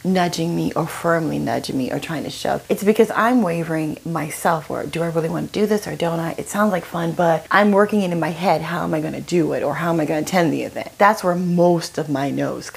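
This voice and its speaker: A middle-aged woman hosting a solo podcast, telling stories in an animated way and acting out other people's voices. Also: low voice, fairly quick, creaky, husky. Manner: animated, acts out quoted voices with laughs. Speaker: podcast host.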